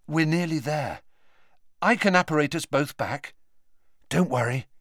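A man's voice: a little high, unhurried, fairly bright tone, no echo, clean studio sound, voice pushed up. A man voicing an anxious, out-of-breath teenage boy wizard who urges and pleads. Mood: anxious, firm. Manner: pleading, panting urgency.

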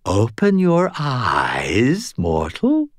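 A man putting on a dry rasping spirit voice. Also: medium pitch, wildly swooping pitch, dry recording, heavily acted. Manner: slow, drawn-out, commanding. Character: dry rasping whispery unseen supernatural being. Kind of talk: audiobook character voice.

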